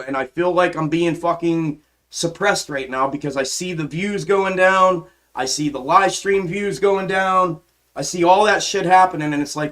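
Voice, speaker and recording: Man, fairly high voice, impassioned profane rant, restarts and repeats, live stream from home. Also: moderate pace, a bit bright. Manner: profane, repetitive, frustrated ranting with frequent restarts. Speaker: stock trading live streamer. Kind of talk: impassioned ranting monologue.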